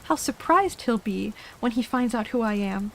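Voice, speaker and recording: A woman puts on a chatty little girl in a whispered role-play, her voice lifting high and eager with a wistful edge. The reading stays hushed and gentle, with a faint hiss of rain underneath. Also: expressive, moderate pace, poor audio. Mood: musing.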